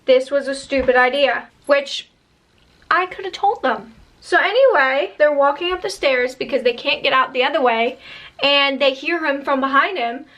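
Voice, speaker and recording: A woman narrating a spooky tale in casual storytime style, chatty and animated with slangy asides. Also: sits high, normal speed.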